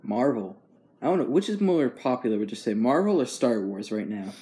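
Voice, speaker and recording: A man's voice: mid-range voice, sing-song, a little fast, dark tone. A young man chatting casually as host, easygoing and rambling, with frequent chuckles. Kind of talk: casual chat.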